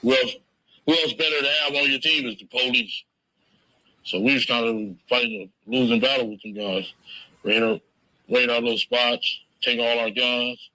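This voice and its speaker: A man gives an interview with an easy, laid-back delivery. His talk is slangy and full of curses. His voice has a strikingly bright, forward edge and sits at a mid pitch. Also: animated, moderate pace, low-quality recording. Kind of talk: casual storytelling.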